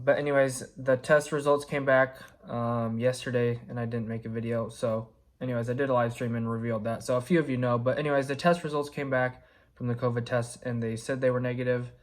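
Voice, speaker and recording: A man with a hoarse, sick-sounding voice, casually updating his viewers in a rambling way with lots of fillers. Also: mid-range voice. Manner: relaxed, rambling with many fillers. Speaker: vlogger, electrician.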